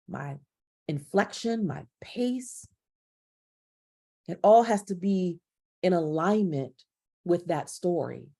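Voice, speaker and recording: A woman in midlife lectures on public speaking with expressive control. She drops low and slow, then lifts into a brighter, quicker delivery to show the contrast. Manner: dynamic, shifts volume and pace to demonstrate. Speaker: speaker trainer.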